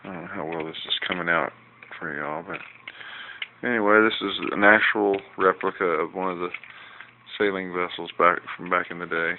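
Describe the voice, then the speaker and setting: A man with a very low, gravelly voice talks his way through a home hobby project in a loose, folksy ramble. He is quick to grumble. The sound is thin and tinny, like a cheap camera mic with faint hiss behind it. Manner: rambling, folksy, easily irritated. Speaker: hobbyist showing a fish tank project. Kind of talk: casual home video walkthrough.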